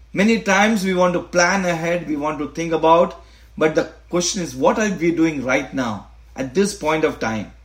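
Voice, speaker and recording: A man preaching a sermon in an earnest, deliberate way. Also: fairly high pitch, fairly bright tone.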